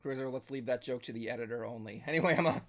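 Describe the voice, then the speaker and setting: A man hosting a casual nerdy talk show, excitable and swearing freely, with lots of filler words. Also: medium pitch, racing. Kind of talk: casual podcast chat.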